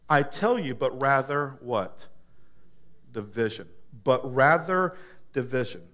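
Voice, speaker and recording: Lively, joking male pastor preaching. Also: on the high side. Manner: reads scripture slowly, pausing for the congregation to fill in words; animated and joking, with sudden swings between loud and soft. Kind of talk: sermon.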